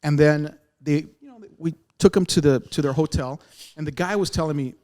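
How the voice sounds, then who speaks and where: A man's voice: fairly high pitch, moderate pace. A man telling a long story in casual podcast chat, acting out the voices of the people in it. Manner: animated, acts out other people's lines in the story. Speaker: podcast guest, radio veteran.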